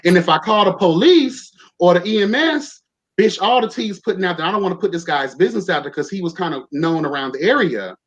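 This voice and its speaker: A man's voice: sits high, expressive, fast talker. Sassy, profane young man telling a story. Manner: campy, sassy, profane, peppered with "child" and "honey". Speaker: podcast host. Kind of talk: casual storytelling chat. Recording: dull lo-fi sound.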